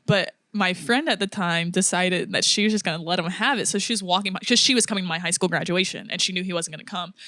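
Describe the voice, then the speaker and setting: A woman's voice: on the low side, fast talker, few pauses, no echo, clean studio sound. A young woman co-hosting a podcast, telling a story and acting out what people said, laughing often. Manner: animated storyteller, laughs often, acts out quotes. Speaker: podcast co-host. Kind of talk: casual chat, storytelling.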